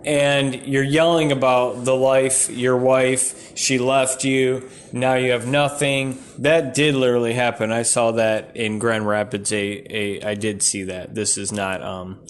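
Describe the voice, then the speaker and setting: A man doing stand-up comedy, rambling from bit to bit and breaking into shouty rants. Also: mid-range voice, level tone, a little slow, few pauses, slight background noise.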